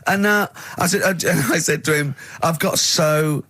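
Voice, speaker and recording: A husky man bantering on a radio show, his voice a little higher than most and sounding dry and close to the studio mic. He acts out little scenes in silly put-on voices and laughs a lot. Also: measured pace, bright, forceful tone, no room sound. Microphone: studio microphone.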